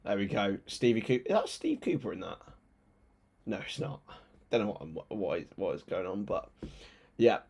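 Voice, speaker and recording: A young man hosting a live football watchalong, chatting with viewers and switching into excited play-by-play commentary. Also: lowish voice, moderate pace, long pauses, slightly rough. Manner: chatty, reads chat aloud, bursts into excited play-by-play.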